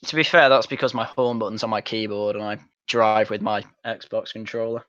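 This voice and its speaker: A man's voice: lowish voice, fairly even intonation, fairly quick, a bit bright, dry recording, muffled recording. A young man from Manchester, chatting bluntly and swearing while streaming a game. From Manchester, England. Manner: blunt, sweary, mocking banter. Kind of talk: casual chat while gaming.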